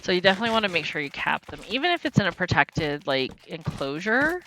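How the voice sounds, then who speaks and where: Woman streamer, casual and self-deprecating, slightly low pitch, soft typing noise in the background. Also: wildly swooping pitch, fast talker, vocal fry, hardly any pauses. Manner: chatty, self-deprecating, laughs often. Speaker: game streamer. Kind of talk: casual live-stream commentary.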